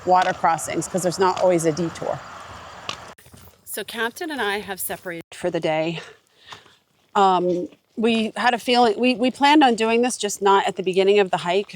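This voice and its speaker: A woman with a congested voice, chatting casually and rambling with many fillers while vlogging on an outdoor forest trail. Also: lowish voice. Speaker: hiking vlogger. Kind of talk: casual vlog talk while hiking.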